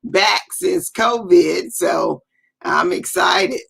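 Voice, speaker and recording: A woman coach, a guest on a video call, speaking warmly and haltingly and often repeating herself. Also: fairly low pitch, gravelly, slightly rough. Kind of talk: casual interview.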